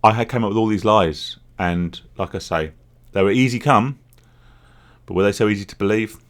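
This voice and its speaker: Man, lowish voice, rambling and candid, confessional vlog monologue. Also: normal speed. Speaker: vlogger, former gambling addict. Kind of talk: reflective solo vlog monologue.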